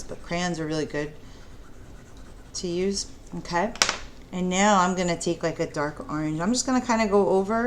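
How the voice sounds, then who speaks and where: Low-voiced woman teaching kids art. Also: a little hiss or hum. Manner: gentle, encouraging, asks the kids questions. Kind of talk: art lesson for young children.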